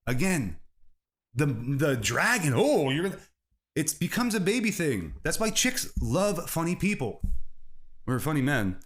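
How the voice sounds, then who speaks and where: A man's voice: a little high, big pitch swings, unhurried. A man hosting a solo comedy podcast, rambling from bit to bit and laughing at his own jokes. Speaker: podcast host.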